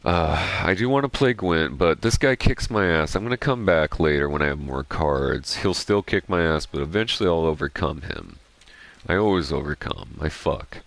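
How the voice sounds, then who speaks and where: A man's voice: extremely low pitch, animated, moderate pace, vocal fry, dry recording. A young man giving rambling, joking gameplay commentary with casual profanity. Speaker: gaming streamer.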